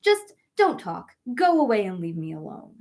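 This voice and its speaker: A woman voicing a grumpy male hamster who wants quiet, in a read-aloud picture book. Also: medium pitch, huge pitch swings, moderate pace, pitched below the performer's own voice.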